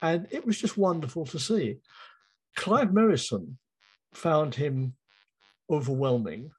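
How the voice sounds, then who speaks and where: Husky, higher-voiced man. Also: lively intonation, darkish tone, rough recording. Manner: thoughtful, measured, repeats phrases. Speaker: guest, drama writer. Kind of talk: interview conversation.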